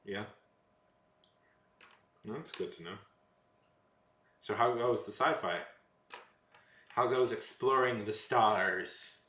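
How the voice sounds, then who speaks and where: A man's voice: on the low side, slow, long pauses, sharp tone, slight background noise. Rambling man streaming, roomy echo. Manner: rambling, self-correcting, sarcastic asides. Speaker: livestreamer. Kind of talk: casual chat with live chat.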